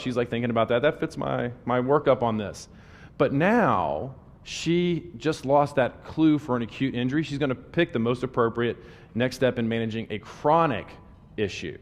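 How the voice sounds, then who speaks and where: Man, 40s, from West Virginia; animated test-prep lecturer, mid-range voice, long reverb on the room. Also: medium pitch. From West Virginia, USA. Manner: animated storyteller, voices quotes. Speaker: test-taking coach. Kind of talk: lecture with anecdotes.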